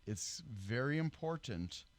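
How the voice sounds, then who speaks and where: A man with a mid-range voice talks slowly but animatedly as he demonstrates a PC build in a casual tutorial, rambling with fillers, fixing his own slips and making dry self-deprecating remarks. There's no room sound; the desk mic gives a dry, close recording, though his voice fades as he shifts farther from it.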